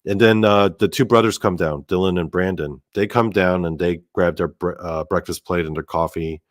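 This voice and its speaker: A man telling a story in a casual monologue, animated and profane, with lots of "like" fillers. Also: sits low, normal speed, no echo, studio quality. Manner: animated and profane, heavy use of "like". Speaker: storyteller host.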